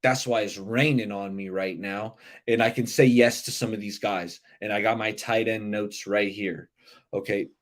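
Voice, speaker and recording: A man with a fairly low voice hosts a casual live sports stream. He talks in a loose, rambling way and keeps turning to answer viewers' comments. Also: steady tone, moderate pace. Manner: chatty, rambling, reacts to chat comments. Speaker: livestream sports show host.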